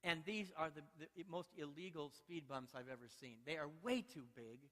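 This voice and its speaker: A male pastor preaching a sermon, playful and exhorting, telling lively stories in a church sanctuary. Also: fairly high pitch. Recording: long church hall reverb.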